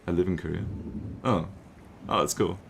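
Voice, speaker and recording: A man's voice: low-pitched, steady tone, normal speed, vocal fry, a bit bright, husky. A young Australian man from the Northern Territory, chatting casually and rambling while he livestreams a strategy game. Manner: rambling, self-deprecating, laughs often. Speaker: streamer.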